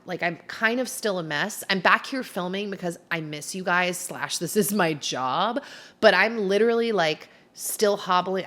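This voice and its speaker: A woman vlogger telling a personal story to camera in a chatty, animated, self-described dramatic way, seated indoors. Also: on the low side. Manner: chatty and animated, heavy use of "like". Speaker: YouTuber.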